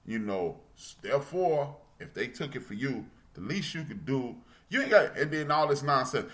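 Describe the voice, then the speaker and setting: A man's voice: mid-range voice, a little fast. A man, hosting a podcast and talking in a casual, preachy monologue that jumps around and repeats itself, while his back hurts. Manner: animated, preachy, repeats himself. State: back pain. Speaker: podcast host.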